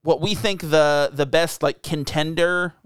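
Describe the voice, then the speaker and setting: Wry, teasing man, slightly high voice. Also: fairly even intonation, measured pace, a bit bright, smooth, dry recording, clean studio sound. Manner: wry, teasing, steers the conversation. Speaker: podcast co-host. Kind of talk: casual chat.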